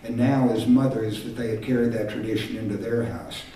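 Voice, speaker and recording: A man's voice: fairly low pitch, steady tone, brisk, mellow. An older man from Texas, a singer-songwriter, telling reflective, self-deprecating stories on stage between songs. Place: concert stage. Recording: echoey live hall from far off. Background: guitar music.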